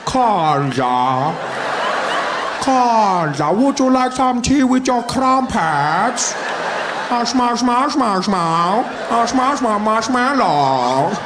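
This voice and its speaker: A comedian playing an older male politician who chuckles and teases in a drawn-out sing-song. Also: sits high, big pitch swings, noisy background, voice pushed up, exaggerated voice. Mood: gleeful mockery.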